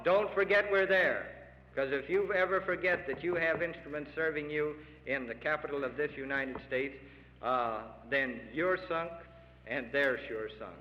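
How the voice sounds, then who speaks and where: Captured on a lo-fi archival radio recording with long hall reverb and a little hiss or hum, a middle-aged man with a slightly high voice delivers an earnest, emphatic speech to farmers, pleading with them.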